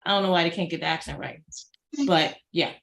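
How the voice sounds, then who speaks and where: A woman's voice: on the low side, vocal fry, fairly bright tone. Woman, middle-aged, co-host, casual chat, exclaiming, roomy echo. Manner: chatty, exclaiming, quick asides.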